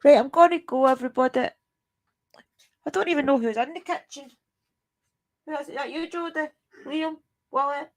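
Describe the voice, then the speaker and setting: A Scottish woman with a high voice hosts a paranormal live stream from her home at night. She speaks at a moderate pace with long pauses, chatting casually with viewers, laughing often and greeting them by name.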